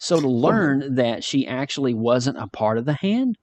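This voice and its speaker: A man's voice: mid-range voice, big pitch swings, normal speed, no room sound. A man hosting a podcast, chatting casually and ranting animatedly, with frequent restarts. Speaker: podcast host. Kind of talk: casual review chat.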